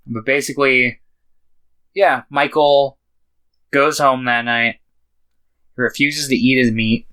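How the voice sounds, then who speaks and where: A young man retells a film plot in a loose, casual podcast chat, dropping swears and quoting the characters as he goes. His voice is bright and forward, with a smooth, clean tone. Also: mid-range voice, low-quality recording. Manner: loose, profane retelling with quoted lines. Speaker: podcast co-host. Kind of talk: casual movie recap.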